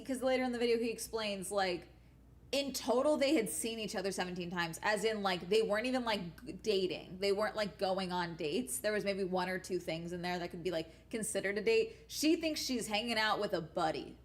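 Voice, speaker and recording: A young woman talks to her stream in casual chat. She is blunt and swears freely. She tells her stories in an animated way, stopping often to check in with her listeners. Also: mid-range voice, a little fast. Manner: blunt and profane, animated storytelling.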